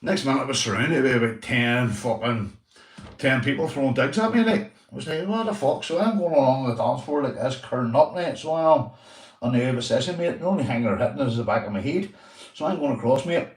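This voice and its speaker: A middle-aged Northern Irish man tells a rowdy story on his livestream, full of swearing and "right, mate?" tags. His voice sits at an ordinary pitch. The room sounds echoey, and he is set back from the mic. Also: a little fast, distant mic. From Northern Ireland. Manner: swears a lot, animated, keeps asking "right?" and "mate". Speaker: livestream host.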